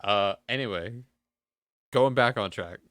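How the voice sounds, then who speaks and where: A man's voice: lowish voice, measured pace, fairly bright tone, clean tone, no room sound. A man narrating as game master in a chatty way, laughing often and leaving many fillers between phrases.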